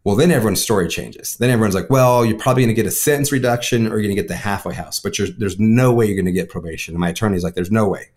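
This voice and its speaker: A man, a father, telling his personal testimony in conversation, talking quickly and often checking in with "right?". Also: fairly low pitch, darkish tone. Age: adult with a son. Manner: fast storytelling, frequent "right?" tags. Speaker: guest.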